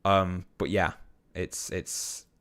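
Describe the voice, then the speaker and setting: A man's voice: sits low, steady tone, a bit bright. A man from Bolton with a general, slightly posh English accent, chatting casually on a live stream and answering viewer comments with lots of ums and casual swearing. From Bolton, England. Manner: rambling, quick bursts, swears casually, many ums.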